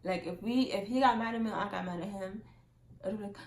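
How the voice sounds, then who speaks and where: A young woman telling a casual storytime monologue as a vlogger, chatty and full of "like", acting out quotes loudly. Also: mid-range voice, fast, echoey room, a little hiss or hum.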